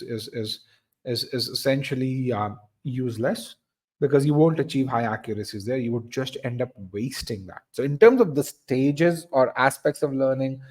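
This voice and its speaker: A man leads a live test-prep webinar in a mid-pitched voice. He explains things step by step, often restarting and repeating words mid-sentence. He also reads out and responds to comments from his audience.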